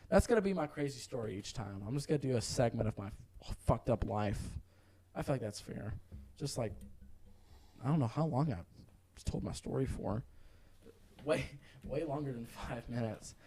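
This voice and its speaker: A young man from North Carolina co-hosting a casual podcast. His pitch swings widely as he reacts, and he swears freely and excitably. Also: normal speed, a little hiss or hum, rough recording. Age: young adult. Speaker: podcast co-host. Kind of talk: casual chat.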